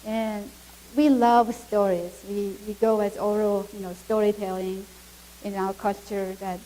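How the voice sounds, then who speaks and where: Middle-aged woman, Mongolian accent, mellow voice, church testimony, animated, laughs often. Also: mid-range voice, a little slow, a little hiss or hum, low-quality recording. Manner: animated storytelling with frequent laughter. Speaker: guest speaker.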